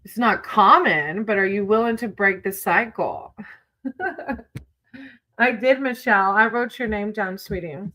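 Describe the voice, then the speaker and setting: A woman's voice: medium pitch, a little slow, bright, forceful tone, rough recording. A woman hosting a casual livestream, chatting with viewers between tarot readings, giggling often and calling people sweetie.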